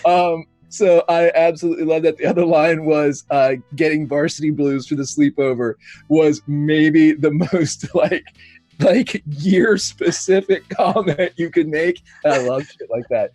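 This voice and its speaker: A man's voice: on the high side, fairly even intonation, unhurried, darkish tone, no echo, soft background music. A man, a player in a tabletop game stream, chatting casually and laughing as he promotes upcoming shows. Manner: laughing, upbeat plugs. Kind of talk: casual wrap-up chat.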